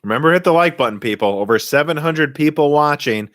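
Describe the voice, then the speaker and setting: The voice is a little high, animated and fairly bright, captured with clean studio sound and no room sound. It's a young man from Minnesota with a Midwestern American accent like those of Minnesota, Michigan and central Illinois, casually answering live-stream viewer questions in a home room, opinionated and talking in quick bursts with restarts and laughs.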